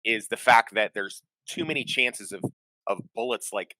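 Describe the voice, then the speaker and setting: A man with a low but bright, forceful voice explains points at length, stopping and restarting as he goes. The recording is dry and close. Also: no echo. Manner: explanatory, halting with restarts and fillers. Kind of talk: casual chat.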